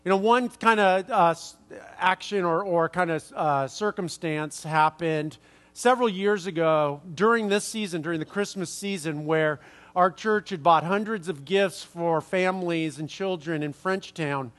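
A man's voice: high-pitched, unhurried, fairly bright tone. A man preaching a sermon, rambling through a story with many fillers and restarts. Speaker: pastor. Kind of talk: sermon with anecdote.

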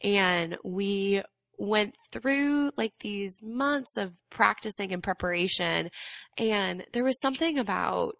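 Speaking slowly in a medium-pitched, creaky and slightly bright voice, this Atlanta guest shares her story on a laid-back podcast. She's a young adult woman whose voice cracks from allergies, and her storytelling is reflective and earnest, packed with fillers. No echo is heard.

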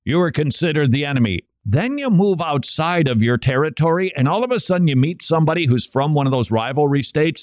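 Animated sarcastic male radio host. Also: medium pitch, moderate pace, no room sound, studio quality. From Minnesota. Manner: animated, sarcastic, laughs often. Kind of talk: opinionated commentary.

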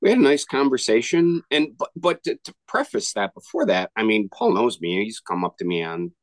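A man's voice: medium pitch, animated, a little fast, no room sound. A man co-hosting a podcast, telling a rambling story in casual chat with frequent restarts. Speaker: podcast co-host.

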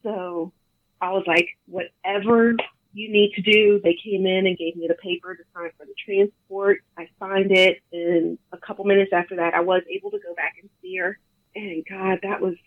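A woman's voice: medium pitch, dry recording. Grieving mother on a phone line. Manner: halting, emotional, quotes others often. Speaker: guest, bereaved mother. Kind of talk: emotional personal account.

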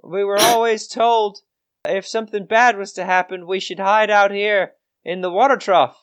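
A man voicing a scared but defiant young farm boy, talking in a high, blustering voice with cockney-tinged exclamations. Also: fairly even intonation, moderate pace, a bit bright. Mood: grim.

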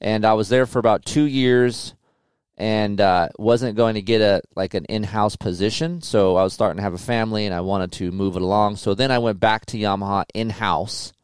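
Low, smooth-voiced man telling stories. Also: fairly even intonation, moderate pace, dry recording, studio quality. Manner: loose, profane, filler-heavy storytelling. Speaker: motorcycle test rider. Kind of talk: casual storytelling interview.

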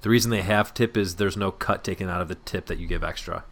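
A man's voice: deep voice, fast talker, fairly bright tone. A man in a scripted comedy scene, talking casually with friends in a wry, teasing way. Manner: wry, teasing, reads aloud with mock drama.

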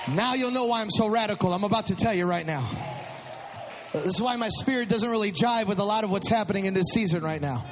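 A man with a strikingly high voice delivers an impassioned sermon testimony. He drops to hushed prayer, then rises to loud shouting. The sound carries the long reverb of a church hall over faint background noise. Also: fast. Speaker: preacher.

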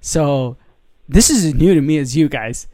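A podcast co-host in casual chat, teasing and firing off quick questions. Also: medium pitch, lively intonation, warm tone, no echo, clean studio sound.

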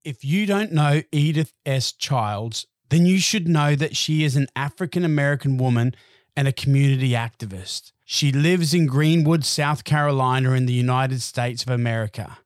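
A man giving scripted motivational narration in a measured, emphatic way. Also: medium pitch, no echo, studio quality. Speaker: motivational speaker.

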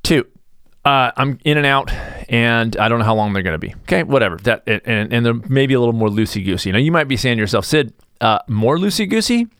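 A man's voice: mid-range voice, fast, a bit bright, clean tone, no echo, clean studio sound. A middle-aged man hosting his own podcast, talking in a rambling, jokey way with mock-defensive asides. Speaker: podcast host. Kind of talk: casual solo podcast monologue.

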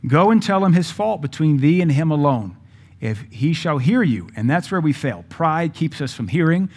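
A man's voice: on the high side, big pitch swings, moderate pace, a little mellow, husky. A man preaching a sermon, telling a personal story in a conversational way and quoting scripture in old English. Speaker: pastor.

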